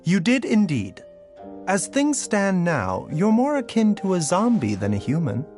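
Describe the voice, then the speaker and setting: A composed, curious doctor who speaks with measured, softly amused calm. His pitch moves in lively swings across each line. Faint game music plays behind him. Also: exaggerated voice. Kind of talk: game voice acting.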